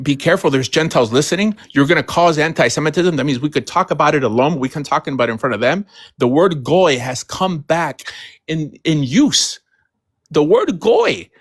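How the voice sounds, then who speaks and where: A man's voice: a little high, no room sound, clean studio sound. A man on a casual live stream explaining his views earnestly, often adding "you know" and "right". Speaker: guest.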